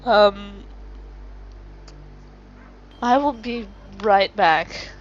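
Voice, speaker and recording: A woman's voice: medium pitch, extremely slow. A woman giving let's play commentary as she plays a video game, often exclaiming and laughing at it. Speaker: gamer playing a video game. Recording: dull lo-fi mic with faint hiss.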